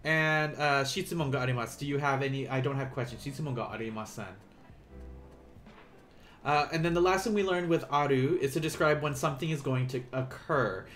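A man's voice: on the high side, fairly quick, few pauses, faint music behind. Casual man teaching on a live stream. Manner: relaxed, chatty explaining with frequent fillers and restarts. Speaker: Japanese teacher.

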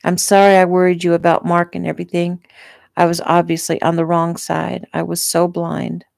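A woman's voice: on the low side, monotone, normal speed, gravelly, darkish tone, no echo, studio quality. A woman voicing a weak, injured young woman who speaks apologetically.

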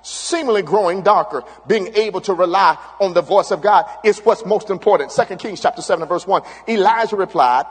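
A middle-aged pastor delivers a fervent sermon, circling back to the same catchphrases again and again. His voice sits high and a little husky. It rings with the long reverb of a church hall. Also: lively intonation, a little fast, hardly any pauses. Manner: fervent, repeats catchphrases and interjections. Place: church sanctuary.

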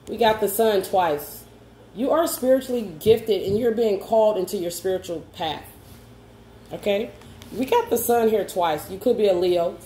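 A woman's voice: medium pitch, moderate pace, warm tone. A woman doing a spoken tarot reading to camera. She is reassuring and coaxing, and keeps checking in with "okay?". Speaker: tarot card reader. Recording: roomy echo, faint background hum.

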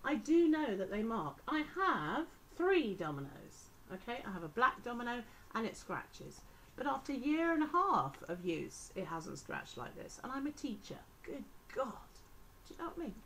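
A woman's voice: on the high side, very animated, moderate pace, fairly bright tone, a little hiss or hum, poor audio. A woman, a teacher, talking through a casual vlog complaint in a chatty, sarcastic, exasperated way. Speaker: vlogger.

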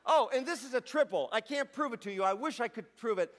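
A man doing stand-up comedy, telling stories on stage to a live audience in a playful, chatty way with deadpan asides. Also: very high-pitched, quick pace.

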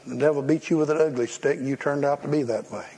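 A man's voice: a little high, fairly even intonation, fast, dark tone, slight background noise. A man preaching a folksy, humorous sermon and acting out the voices he quotes. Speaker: pastor.

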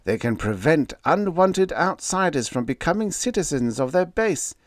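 A man's voice: on the high side, very animated, normal speed, no room sound, studio quality, voice pushed up. A man voicing a pompous company vice president who speaks in a formal, precise, lecturing way.

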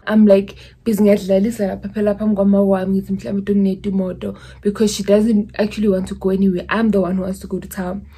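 A woman's voice: medium pitch, little pitch movement, quick pace, mellow, slightly rough. A young woman from South Africa with a South African accent, chatting casually in a vlog and slipping in Zulu phrases as she rambles through stories. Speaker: YouTuber.

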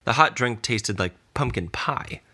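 A man narrating a fantasy story in an even storytelling delivery. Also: medium pitch, measured pace.

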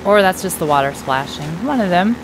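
A woman giving casual let's play commentary, chatty and teasing the enemies, her voice slightly hoarse. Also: on the low side, expressive, fairly quick, background noise. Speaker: gamer playing a shooter.

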